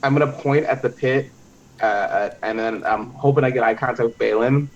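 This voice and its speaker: A man's voice: mid-range voice, fairly quick, dull audio, a little hiss or hum. A man playing a tabletop game, talking in a hesitant way full of fillers. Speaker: player. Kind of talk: casual tabletop play.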